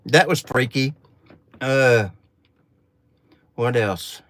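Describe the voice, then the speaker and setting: A man's voice: medium pitch, extremely slow, fairly bright tone. Profane Southern man spinning a yarn. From Arkansas. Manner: rambling, profane, folksy drawl with fillers. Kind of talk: casual storytelling.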